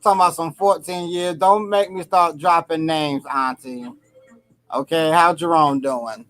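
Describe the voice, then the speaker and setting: A man's voice: fairly high pitch, steady tone, unhurried, a bit bright. A man co-hosting a live stream, chatting casually and teasing with a playful, laughing manner. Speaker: co-host of a live spiritual reading stream. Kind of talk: casual chat.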